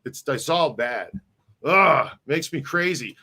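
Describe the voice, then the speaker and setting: A man's voice: fairly high pitch, lively intonation, slow, bright, forceful tone. A middle-aged man co-hosting a casual live-stream chat, rambling and often restarting his sentences. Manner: rambling, restarts and repeats words. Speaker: podcast co-host.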